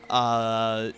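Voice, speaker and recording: A man running a tabletop game as game master, narrating in an unhurried way, with lots of fillers and frequent laughter. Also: lowish voice, a bit bright, slight background noise.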